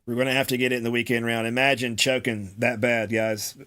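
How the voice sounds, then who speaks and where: A man's voice: mid-range voice, little pitch movement, a little fast, pushed and bright. A man giving casual gameplay commentary, exasperated and groaning, often repeating himself and swearing. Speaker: gaming streamer.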